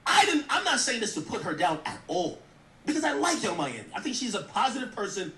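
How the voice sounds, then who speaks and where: Blunt, animated man ranting in echoey room. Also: extremely high pitch, brisk, far from the mic. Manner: blunt, profane, mocking. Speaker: streamer commentator. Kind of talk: ranting commentary.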